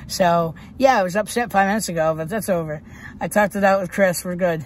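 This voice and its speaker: A woman's voice: fairly low pitch, fairly quick, a little hiss or hum. A woman from the United States talking to viewers in a casual vlog, blunt and heavily profane. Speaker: vlogger. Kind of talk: casual vlog talk to camera.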